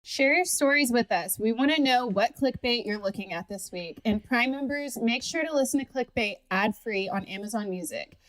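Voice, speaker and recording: A woman's voice: on the high side, lively intonation, moderate pace, hardly any pauses, a bit bright, no room sound. A woman co-hosting a podcast in casual chat, upbeat and chatty. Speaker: podcast co-host.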